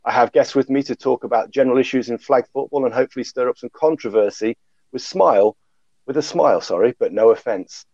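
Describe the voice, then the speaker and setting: A man's voice: medium pitch, fast, darkish tone, no echo, highs cut off. A man hosting a casual panel chat, self-deprecating, with many fillers and restarts. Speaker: podcast host.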